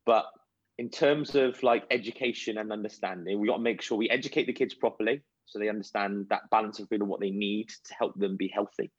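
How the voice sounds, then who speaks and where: A man's voice: lowish voice, fairly quick, slightly rough, dry recording. A man who works as a children's nutrition coach, answering interview questions in a chatty, anecdotal way. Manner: chatty, anecdotal, animated storytelling. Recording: dull, lo-fi sound.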